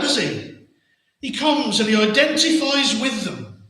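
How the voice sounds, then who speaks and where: A man's voice: very high-pitched, sing-song, unhurried, pushed and bright. A man with an English accent preaching a sermon as pastor, earnest, with many rhetorical questions and repeated words. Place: church hall. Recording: very echoey church hall.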